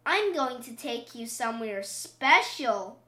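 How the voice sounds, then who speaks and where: A woman's voice: on the high side, animated, takes it slowly, pushed and bright, full character voice. A woman doing a fond, weary storybook mother. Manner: fond but exasperated. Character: exasperated, loving mother pig. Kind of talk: storybook reading. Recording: roomy echo.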